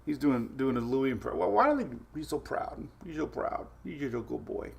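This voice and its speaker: Male weather-stream host, gravelly and easygoing, chuckles between chat replies. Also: medium pitch, expressive, brisk. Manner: laid-back, chuckling, answers viewer comments. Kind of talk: casual live-stream chat.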